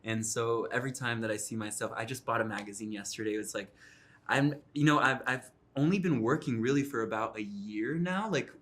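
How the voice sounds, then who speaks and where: A man's voice: medium pitch, fairly quick, fairly bright tone. A young man, a model and reality series cast member, chatting casually in an interview and leaning on "like" and "you know". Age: young adult.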